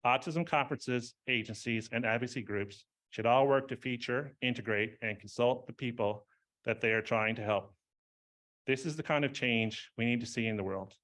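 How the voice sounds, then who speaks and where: A man's voice: mid-range voice, normal speed, fairly bright tone. A man giving an informal speech at an award ceremony, rambling, with many fillers and frequent laughs.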